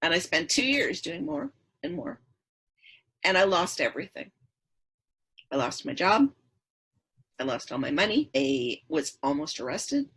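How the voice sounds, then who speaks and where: Middle aged woman on a podcast, breathy low voice, earnest repeating storyteller. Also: very animated, measured pace, pauses often, fairly bright tone. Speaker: podcast guest. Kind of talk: personal story in interview.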